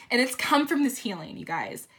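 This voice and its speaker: Excitable woman tarot reader, bright and high-ish, casual and profane. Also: husky. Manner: excitable, swears, shrieks and laughs.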